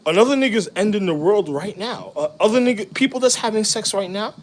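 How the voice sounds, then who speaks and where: A man rambles through a profane, slang-heavy street monologue, swinging from loud bursts of laughter to low muttering. He's expressive and fairly quick, and there's a little hiss or hum.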